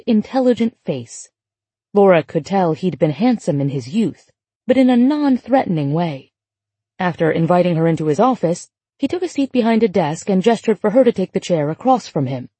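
A woman narrating literary fiction as an audiobook, in a mellow, slightly husky voice. Her delivery is even and measured. The sound is dry and close to the mic. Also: mid-range voice, no echo. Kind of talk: scripted narration.

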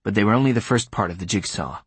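A man narrating a thriller audiobook in a steady, measured, grim manner. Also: fairly low pitch, slightly rough, dry recording.

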